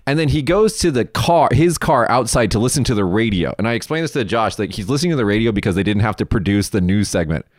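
A man from the United States telling a story in a casual chat, animated, profane and rambling. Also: lowish voice, fast talker, few pauses, dry recording, clean studio sound.

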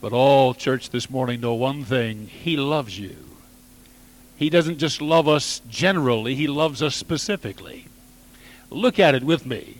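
A man preaching a sermon to his church, slow and measured, swelling loud and dropping to near quiet for emphasis. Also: medium pitch. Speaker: pastor.

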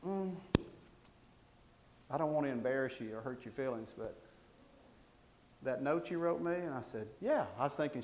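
A middle-aged preacher spins a homespun sermon in a rambling, self-mocking way. His man's voice sits a little high. The sound rings with the echo of a large room. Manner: folksy, rambling, self-deprecating humor. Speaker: pastor. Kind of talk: sermon with personal storytelling. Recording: roomy echo.

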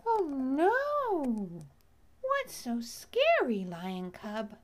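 A woman reading a storybook and voicing a small, friendly male bumblebee who talks high and excitedly. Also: extremely slow, exaggerated voice. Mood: scared.

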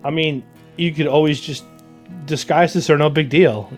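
A man talking in a loose, joking way with a somewhat higher voice. Faint guitar music plays underneath him. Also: moderate pace. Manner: animated, joking, puts on mock voices. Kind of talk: casual chat.

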